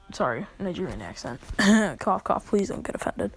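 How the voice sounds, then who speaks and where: A woman rambles through a fan story in an unhurried, casual way. She fills the gaps with "like" and "uh". Her pitch jumps around expressively. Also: big pitch swings, slightly rough. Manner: rambling, full of fillers and asides. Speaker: storyteller making a video.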